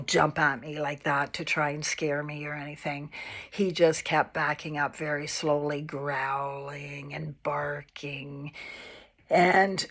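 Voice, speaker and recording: A woman calmly telling a personal spiritual anecdote, unhurried and repeating her phrases. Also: deep voice. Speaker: storyteller.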